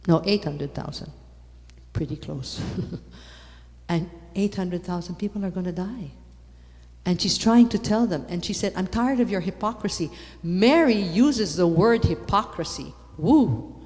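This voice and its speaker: Woman speaker, low-leaning voice, emphatic conference talk in a reverberant hall. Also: a little slow. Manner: lively, repeats for emphasis, rising to loud exclamations. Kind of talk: animated talk on faith.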